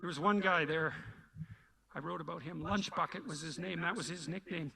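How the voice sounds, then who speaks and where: A man's voice: fairly high pitch, normal speed, creaky, sharp tone. A man in a played interview clip, recounting old work stories in a reflective way. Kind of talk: storytelling in an interview.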